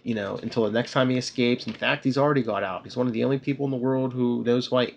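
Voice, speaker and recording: A man reading out a serious masked hero's comic-book lines in his own gravelly voice. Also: mid-range voice, quick pace, muffled recording, slight background noise, natural voice. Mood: earnest. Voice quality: recaps dialogue flatly. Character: earnest masked male hero, steady and serious.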